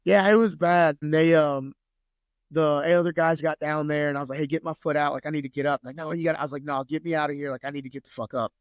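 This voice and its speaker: A man's voice: a little high, steady tone, fast talker, no room sound, studio quality. Easygoing profane man in his thirties. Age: 30s. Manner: loose, profane, lots of "like". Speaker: podcast guest. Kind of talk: casual storytelling.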